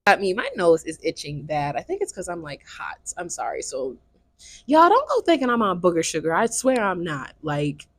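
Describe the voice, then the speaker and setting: A woman's voice: on the low side, wildly swooping pitch, moderate pace, no room sound. A woman chatting casually to her viewers in a book review vlog. She swears freely and keeps checking in with her audience.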